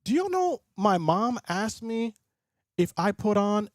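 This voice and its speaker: A man doing live play-by-play commentary and reaction as a streamer host, excitable and often breaking into loud hype. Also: high-pitched, takes it slowly, no room sound, clean studio sound. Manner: excitable, swings into loud bursts of call-style hype. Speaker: livestream host and sports fan.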